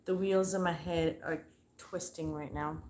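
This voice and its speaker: A woman's voice: low-pitched, fairly even intonation, unhurried, a little mellow. Chatty young woman doing live readings. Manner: chatty and playful, with blunt swearing. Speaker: live psychic reader. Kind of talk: casual live-stream reading.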